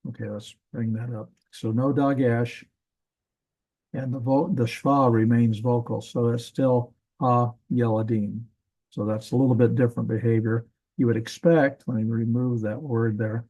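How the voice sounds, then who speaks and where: Mellow-voiced man teaching Hebrew grammar. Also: mid-range voice, poor audio. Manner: casual, thinking aloud with self-corrections. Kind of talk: classroom grammar lesson.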